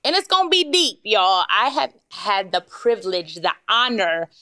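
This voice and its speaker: A woman hosting a podcast in a studio, animated and emotional, often laughing as she talks. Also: medium pitch, normal speed, no echo. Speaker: podcast host. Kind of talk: casual podcast chat.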